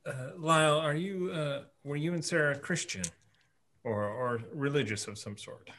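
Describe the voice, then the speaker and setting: A man's voice: on the high side, normal speed, a bit bright. Hesitant male player. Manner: hesitant, trailing off. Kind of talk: tabletop role-play.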